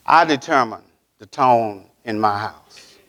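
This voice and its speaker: Slow and sharp-toned, a pastor with a mid-range voice preaches in the sanctuary. He stresses his points emphatically, circles back to key phrases and keeps asking his congregation if they're with him.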